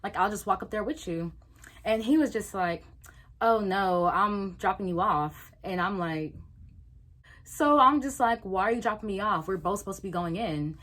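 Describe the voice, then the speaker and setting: A young woman vlogger telling a casual story, animated, swearing freely and acting out what people said. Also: medium pitch, moderate pace.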